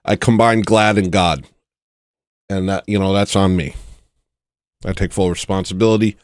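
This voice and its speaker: A man's voice: low voice, fairly even intonation, moderate pace, clean tone, no echo. A man hosting a casual livestream chat, rambling and joking at his own expense. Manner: rambling, joking, self-mocking. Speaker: livestream host.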